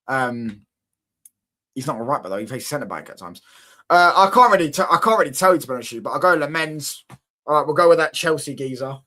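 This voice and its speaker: A man's voice: on the high side, expressive, fast talker, bright, forceful tone. A young man, hosting a casual football live stream, bantering with viewer comments and repeating himself. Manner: banter-filled, repetitive, keeps asking if you get what he's saying. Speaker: football watchalong host.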